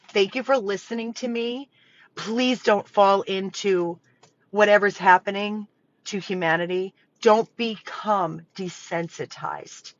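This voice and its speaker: Urgent, pleading woman in a dull recording. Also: medium pitch. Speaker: dog rescue organizer. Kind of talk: impassioned direct appeal to viewers. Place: dog rescue property.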